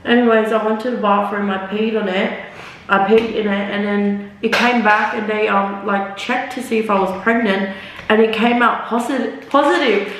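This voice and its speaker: In a steady mid-range voice with a fairly bright tone, a young woman chats at a normal pace through a makeup storytime, cursing freely and saying "like" and "literally" constantly. This vlogger talks away from the camera in an echoey room; the distant mic picks up roomy echo and a little hiss or hum.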